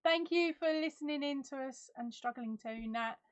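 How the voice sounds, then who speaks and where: Livestream host, middle-aged woman, rambling and giggly, somewhat high-pitched, lo-fi webcam audio. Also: moderate pace. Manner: chatty, giggly, reads out viewer comments. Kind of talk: casual live chat.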